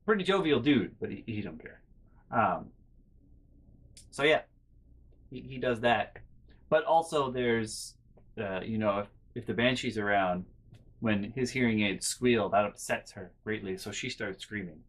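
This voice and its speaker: A young man vlogging, telling a casual, rambling story full of restarts and quiet muttered asides. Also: lowish voice, expressive, unhurried, pauses often. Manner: rambling, self-interrupting with fillers and restarts.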